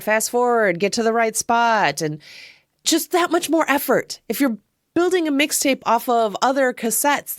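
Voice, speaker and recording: A woman in her thirties hosting a casual film review podcast, swearing freely, giggling often and telling the story with lively energy. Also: mid-range voice, no room sound, clean studio sound. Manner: profane, giggly, animated storytelling. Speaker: podcast host.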